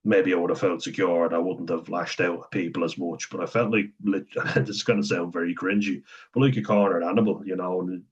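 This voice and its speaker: A man's voice: low-pitched, steady tone, fairly quick, slightly rough. A young man in a candid, profane personal monologue, talking frankly and conversationally. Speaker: vlogger. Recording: dull lo-fi sound.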